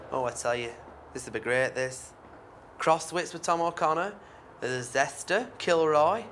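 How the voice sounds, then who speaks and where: An actor playing an excited, chatty man daydreaming about fame in a TV comedy. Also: fairly high pitch, a little hiss or hum.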